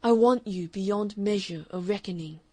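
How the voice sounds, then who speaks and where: A woman's voice: medium pitch, moderate pace, mellow, no echo, natural voice. A woman reading the part of a lovesick man who pleads urgently in an audiobook. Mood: pleading.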